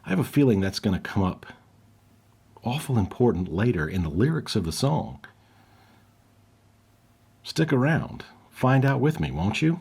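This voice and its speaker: Guy in his 40s, low husky voice, sarcastic chatty reaction host, a bit theatrical. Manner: wry, sarcastic, playfully theatrical asides. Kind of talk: casual reaction commentary.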